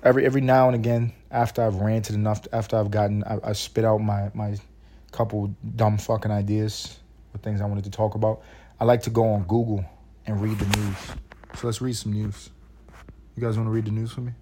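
A man hosting a solo podcast from his bed, ranting in a rambling, profane, animated way. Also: lowish voice, a little hiss or hum. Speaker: podcast host. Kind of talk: solo casual podcast rant.

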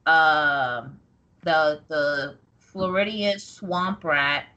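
A woman's voice: deep voice, drawn-out words, bright, forceful tone, lo-fi sound. A woman co-hosting a casual podcast chat, joking around, swearing freely and laughing often. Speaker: podcast co-host.

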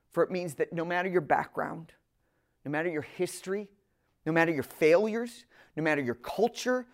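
A woman preaching a sermon, speaking directly to her listeners in an earnest, emphatic way and slowing down on key phrases. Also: fairly low pitch.

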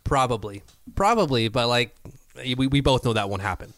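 A man co-hosting a casual hockey podcast, chatty and quick to laugh, often correcting himself mid-sentence. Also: mid-range voice, lively intonation, no room sound. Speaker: podcast co-host.

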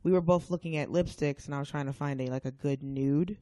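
A woman guest on a podcast, telling stories in a casual, animated way and acting out other people's voices. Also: sits low, fairly quick, dry recording. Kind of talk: casual storytelling chat.

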